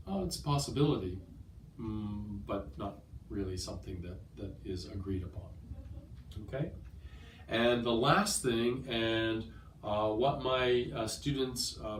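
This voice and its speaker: At a language school, a man with a cold works as a test-prep teacher, patiently explaining listening strategies and checking understanding with "okay?". His voice is fairly low, and the recording is roomy and distant, with a little hiss or hum.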